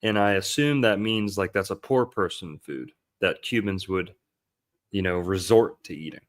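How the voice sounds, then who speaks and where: A man with a fairly low voice hosts a casual podcast, picking a film apart. He rambles, swears freely and drops into the lines he quotes. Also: normal speed. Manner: rambling, loose and profane, acts out quotes. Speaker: podcast host. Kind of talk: casual film-analysis chat.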